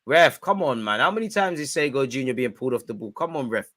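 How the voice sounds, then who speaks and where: A young man hosting a football watch-along, commenting live and shouting at the referee. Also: quick pace. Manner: animated, shouts at the referee, spikes in pitch and volume.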